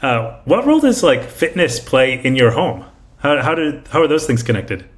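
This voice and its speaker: A man's voice: mid-range voice, very animated, moderate pace. Enthusiastic man hosting an interview. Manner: enthusiastic, filler-heavy, says "like" often. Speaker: podcast host. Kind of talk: casual interview chat.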